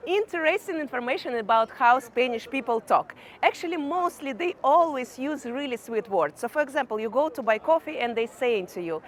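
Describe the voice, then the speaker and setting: High-voiced Ukrainian woman vlogging. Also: animated, fairly quick, few pauses. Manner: chatty, fillers like "kind of" and "you know". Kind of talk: casual talk to camera.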